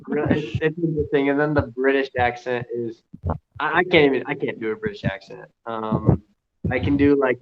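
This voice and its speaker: A man's voice: medium pitch, a little slow, crowd noise. A young man chatting casually on a video call, rambling with lots of fillers and restarts. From United States. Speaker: conversation partner. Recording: muffled video call audio, faint hiss.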